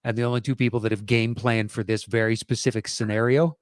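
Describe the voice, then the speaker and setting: A man in his forties co-hosting a podcast in casual chat, hesitant and thinking aloud with pauses and fillers. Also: mid-range voice, little pitch movement, no echo, clean studio sound. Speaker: podcast co-host.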